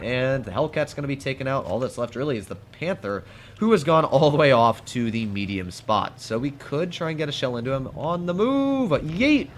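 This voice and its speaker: A man with a mid-pitched voice runs through casual gameplay commentary for his channel. He keeps it chatty and playful and teases the opposing players as the match goes on. A faint hum of ambience sits under his voice. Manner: chatty, playful, talks to enemies while playing. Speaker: gaming channel host.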